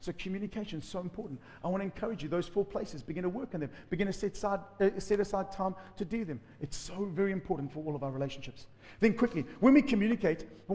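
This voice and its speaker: A man preaching a sermon as pastor, lively, acting out quotes. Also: high voice, long reverb tail. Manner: animated preaching with acted-out quotes.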